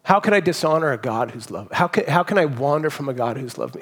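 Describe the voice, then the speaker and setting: Speaking fast in a husky, medium-pitched voice with lively intonation, a man preaches a sermon as pastor. He's earnest and emotional, frequently restarting words and letting the ends of his phrases fade softly.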